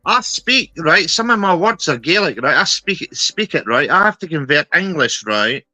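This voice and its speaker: Blunt Scottish man, bright voice. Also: a little high, big pitch swings, moderate pace, no room sound, low-quality recording. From Scotland. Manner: blunt, swears freely, ends lines with "right?". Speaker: chat participant. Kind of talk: casual chat.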